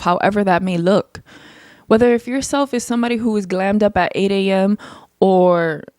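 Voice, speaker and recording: A young woman talking on her own show with a loud voice that carries, blunt and emphatic, words piling up fast. Her pitch sits in an ordinary middle range. The sound is dry and close, with no room around her. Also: no echo. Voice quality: naturally loud voice that projects. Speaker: podcast host. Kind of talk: casual solo chat.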